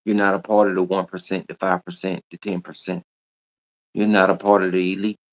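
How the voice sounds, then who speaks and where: Speaking briskly in a low, level voice, a man hosting a livestream scolds his audience. His monologue is a repetitive, confrontational rant.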